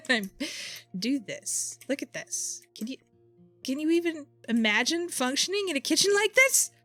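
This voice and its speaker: Woman streamer, lively and exasperated, dry close mic. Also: high-pitched, a little slow, pauses often, no room sound, faint music behind. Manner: exasperated, thinking aloud, answering chat. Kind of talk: casual live-stream chat while playing.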